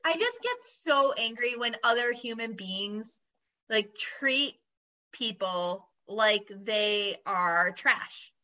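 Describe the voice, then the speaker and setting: Slow, bright-voiced woman host. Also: fairly high pitch, expressive, rough recording. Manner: emphatic, outspoken reactions. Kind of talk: casual chat.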